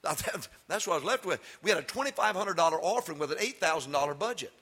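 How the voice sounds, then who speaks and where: An older man, a pastor giving a sermon that swings from loud emphatic preaching to folksy storytelling. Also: fairly high pitch, animated, fast, slightly rough. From Texas.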